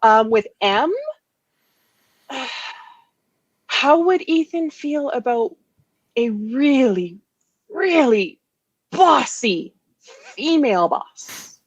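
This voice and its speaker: A woman co-hosting a podcast in quick, playful casual chat. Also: on the high side, lively intonation, husky, no echo, highs cut off. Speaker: podcast co-host.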